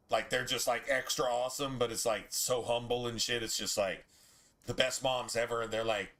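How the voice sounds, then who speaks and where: Male streamer, bright and forceful voice, laid-back and profane, loose gameplay chatter. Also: medium pitch, fairly even intonation, normal speed. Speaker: game streamer. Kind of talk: casual gameplay commentary.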